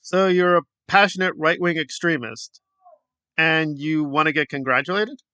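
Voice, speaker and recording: A man's voice: on the high side, moderate pace, pushed and bright, smooth, no room sound. A man hosting a commentary video, ranting in a sarcastic, exasperated way. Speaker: commentary channel host.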